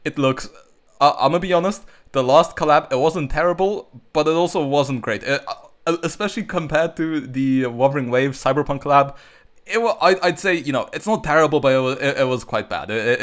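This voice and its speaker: A man's voice: medium pitch, a little fast. Chatty male gamer talking over his pulls. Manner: chatty and rambling, many fillers, bursts of excitement. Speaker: gacha game YouTuber. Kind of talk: casual commentary while pulling on a game banner.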